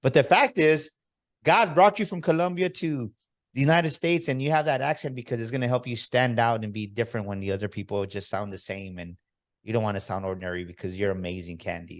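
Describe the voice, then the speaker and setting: A man's voice: on the low side, steady tone, fairly quick. A man hosting an interview podcast, enthusiastic and motivational, slipping in bits of Spanish. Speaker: podcast host.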